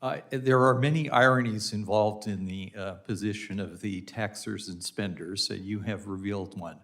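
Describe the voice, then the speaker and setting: A man testifies as a witness at a hearing in a lowish voice. He answers in a measured way, filling his pauses with frequent "uh" sounds. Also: steady tone, fairly bright tone. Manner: many uh fillers, measured. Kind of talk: answering a question.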